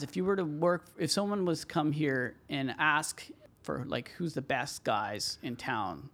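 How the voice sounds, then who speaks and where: A man with a gravelly, creaky voice that sits a little higher than most men's. He tells a story as a podcast guest in a loose, chatty way, full of fillers, and acts out the dialogue as he recalls it. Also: lively intonation, moderate pace, a bit bright. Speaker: podcast guest, tile contractor. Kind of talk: casual storytelling in an interview.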